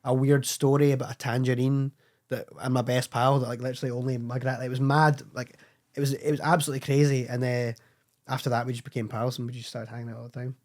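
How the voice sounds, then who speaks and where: Young scottish guy rambling thru a wild story on a podcast, swears a lot, does everyone's lines, mid pitch. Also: quick pace. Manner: rambling, excitable anecdotes with swearing and acted-out quotes. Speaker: podcast guest, filmmaker. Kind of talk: casual storytelling chat.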